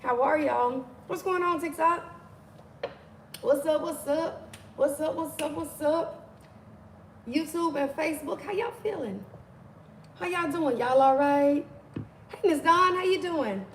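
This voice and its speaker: A woman hosting a live stream, greeting viewers by name in an affectionate, animated way. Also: high-pitched, unhurried, pauses often. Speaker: livestream host. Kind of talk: casual live stream chat. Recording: echoey room with faint ambient noise.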